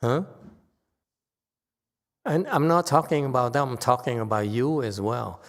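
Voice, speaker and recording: A man giving a Buddhist lecture, pressing his listeners with pointed rhetorical questions and jumping up in pitch to stress a point. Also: lively intonation, a little slow, long pauses, big-room sound. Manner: sudden rises in pitch and force when stressing a point. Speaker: Buddhist teacher. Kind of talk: Dharma lecture.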